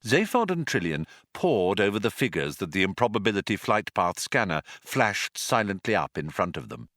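A man narrates a comic audiobook with a dry, wry touch. His low voice rises and falls widely, bright and forceful in tone. It is close-miked in a dead, dry studio. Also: very animated, moderate pace, dry recording.

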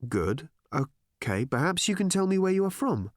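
A man voicing Tricia, a poised woman journalist who asks brisk, probing questions. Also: high-pitched, very animated, no echo, studio quality, pitched above the performer's own voice.

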